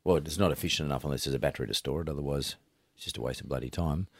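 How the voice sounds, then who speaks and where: A man's voice: rumbling low, racing, creaky, husky. An older Australian man hosting an interview, blunt and rambling with frequent restarts. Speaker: podcast host. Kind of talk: casual interview.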